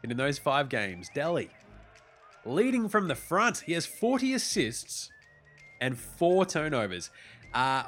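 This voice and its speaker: An Australian man hosts a sports podcast in a loose, slangy monologue, cursing often. His voice sits at an ordinary pitch but swings up and down with lively energy. Faint guitar music plays behind him. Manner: animated, swears freely, slangy. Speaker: podcast host.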